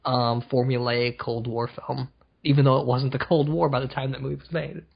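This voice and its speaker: A man's voice: mid-range voice, level tone, moderate pace, vocal fry, breathy edge. A man co-hosting a podcast in casual chat, jokey and self-mocking, laughing often. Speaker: podcast co-host. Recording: dull lo-fi recording with faint music.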